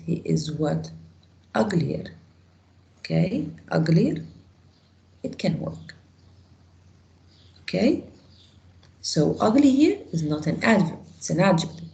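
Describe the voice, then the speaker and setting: A woman's voice: fairly low pitch, creaky, warm tone, echoey room, poor audio. A woman teaching an English grammar lesson to a class, explaining step by step and asking the students questions.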